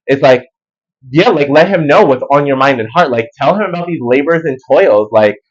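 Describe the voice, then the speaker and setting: A man's voice: mid-range voice, lively intonation, moderate pace. Chatty guy doing a tarot reading, slangy and rambly, slightly muffled sound. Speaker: tarot reader. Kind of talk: casual spiritual card reading.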